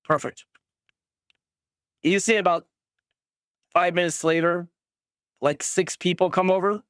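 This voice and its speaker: Casual gm voice, lots of ums, dead dry sound, middle pitch. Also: clean tone, no echo. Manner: casual, halting with fillers, voices each character. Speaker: game master. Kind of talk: narrating a tabletop game.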